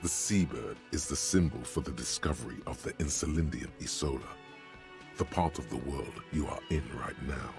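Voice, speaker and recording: Casting: a brooding game narrator, extremely deep, gravelly, slow and ominous. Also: male voice, darkish tone, faint music behind. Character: grave, gravelly male narrator voicing the detective's inner thoughts.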